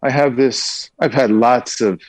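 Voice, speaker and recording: A man's voice: mid-range voice, steady tone, a little slow, no echo. An older man as an interview guest, telling stories with enthusiasm. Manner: enthusiastic storyteller. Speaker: guest, entrepreneur. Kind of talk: conversational interview.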